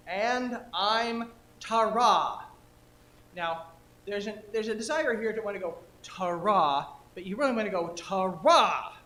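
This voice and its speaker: High-voiced guy minister, slow and playful, talking a crowd thru a poem, echoey church. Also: a bit bright, a little hiss or hum. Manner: playful, coaching the congregation. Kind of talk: leading a participatory poem in a service. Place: church sanctuary. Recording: roomy hall echo.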